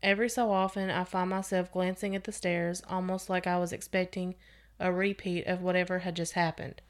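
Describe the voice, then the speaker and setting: Her pitch is fairly low and barely moves, and she talks a little fast. She's a podcast host reading a spooky story expressively, going back to restart a phrase at times.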